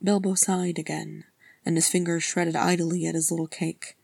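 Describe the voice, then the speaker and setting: A woman reading a story aloud in a steady storytelling manner, close to the mic. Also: lowish voice, moderate pace, vocal fry, husky, no room sound. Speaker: audiobook narrator. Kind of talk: fan fiction reading.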